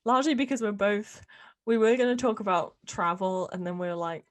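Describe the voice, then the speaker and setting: A woman's voice: medium pitch, fairly quick. A young woman with a British accent, co-hosting a podcast in friendly casual chat. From United Kingdom. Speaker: podcast co-host.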